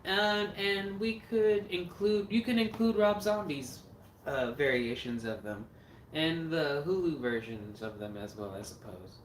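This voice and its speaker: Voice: medium pitch, unhurried, distant mic. Rambling livestream host in an echoey room. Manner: rambling, swears freely. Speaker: livestream host and horror filmmaker. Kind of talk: casual livestream chat. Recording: roomy echo, mic set back, faint noise.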